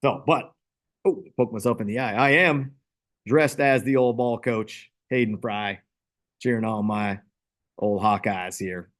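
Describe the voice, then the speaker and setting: A man's voice: on the low side, measured pace, a bit bright. A man hosting a casual fantasy football league recap, rambling and self-deprecating.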